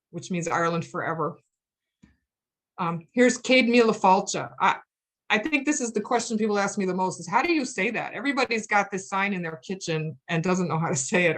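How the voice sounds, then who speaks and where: A woman from the United States giving a friendly, chatty slide lecture over a video call, often pausing on "um" and "okay.". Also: lowish voice, a bit bright. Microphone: video call microphone.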